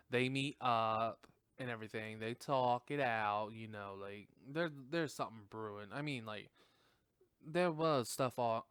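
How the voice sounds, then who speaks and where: A man hosting a podcast and giving a casual, rambling movie review, animated and full of swearing and fillers. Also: fairly low pitch, clean tone, no room sound. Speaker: podcast host.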